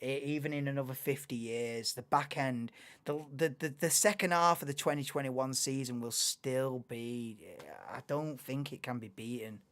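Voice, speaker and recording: A young woman hosting a live watchalong stream, chatting in a rambling, excitable way and laughing often. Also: rumbling low, normal speed. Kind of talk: casual live watchalong chat.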